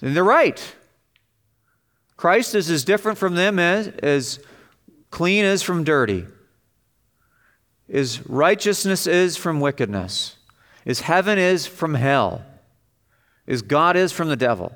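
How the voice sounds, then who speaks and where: A man's voice: sing-song, slow, long pauses, a bit bright. A man preaching an expository sermon in an emphatic way, his voice rising as he stresses vivid passages. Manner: emphatic, rises in pitch and volume on vivid passages.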